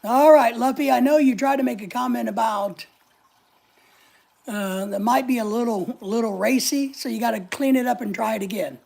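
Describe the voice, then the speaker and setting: A man's voice: extremely high pitch, moderate pace, gravelly, darkish tone. A man hosting a casual live stream from home, joking with viewers and greeting them by name as he reads their comments.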